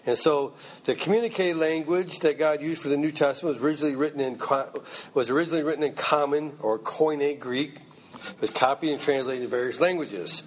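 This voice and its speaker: Male Bible teacher, relaxed classroom talk, a touch high, light background noise. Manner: conversational, checks in with "okay?" and "you know what I mean?". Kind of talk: informal Bible class lecture.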